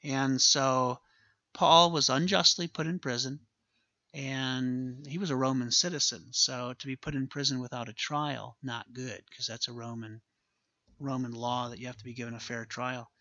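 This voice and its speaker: A man's voice: medium pitch, steady tone, normal speed, pushed and bright, no echo, muffled recording. A man preaching a sermon as a pastor, earnest and emphatic, repeating his key phrases for weight.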